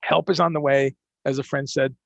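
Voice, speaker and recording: Chatty male host, gravelly and slightly high, dry close mic. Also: a little fast, no room sound, dull audio. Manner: animated, chatty, many restarts. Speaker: podcast host. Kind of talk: casual interview chat.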